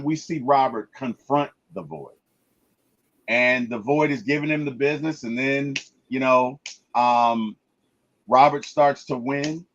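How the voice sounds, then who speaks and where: A man's voice: mid-range voice, highs cut off. A man chatting casually in a movie review, emphatic, stammering and restarting as he retells scenes.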